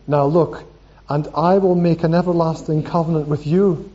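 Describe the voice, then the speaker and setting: A man's voice: fairly high pitch, steady tone, moderate pace, warm tone. A man preaching a sermon, reading scripture aloud and asking the congregation questions. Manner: reads scripture aloud, asks the room questions. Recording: dull lo-fi recording.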